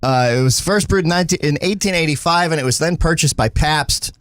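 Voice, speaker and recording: A man's voice: a little high, fairly quick, fairly bright tone, dry recording. A man co-hosting a casual livestream chat, joking, laughing and reading viewer comments aloud. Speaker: co-host.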